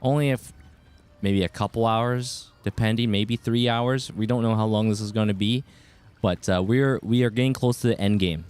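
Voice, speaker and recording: A man's voice: on the low side, fairly even intonation, normal speed, a little mellow, clear, resonant tone. A man streaming a video game, chatting casually and cheerfully greeting viewers in chat. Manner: upbeat, greets chatters by name, chatty asides.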